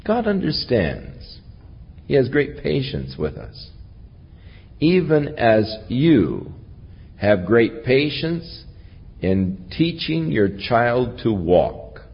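A man's voice: creaky, breathy edge. A man preaching a sermon, teaching earnestly from scripture. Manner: slow, earnest Bible teaching with lively rises in pitch. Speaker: pastor. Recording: lo-fi recording with long hall reverb.

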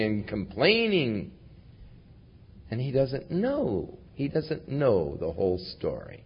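Lively, emphatic male preacher. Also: slow pace, breathy edge. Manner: emphatic, swings between booming and hushed. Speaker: pastor. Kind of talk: sermon. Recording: dull lo-fi recording.

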